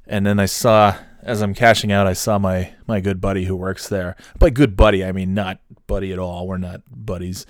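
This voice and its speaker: A man's voice: sits low, normal speed, hardly any pauses, no room sound, studio quality. Wry, rambling man telling a story. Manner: wry, self-deprecating, many fillers and restarts; animated when quoting people. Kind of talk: casual storytelling monologue.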